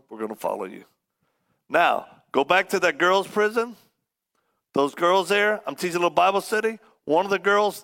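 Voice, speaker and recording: A man's voice: fairly high pitch, creaky. A man preaching to a church congregation, telling a story with humor and acting out the people in it. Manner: animated, acts out the people in his stories. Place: church service before a congregation.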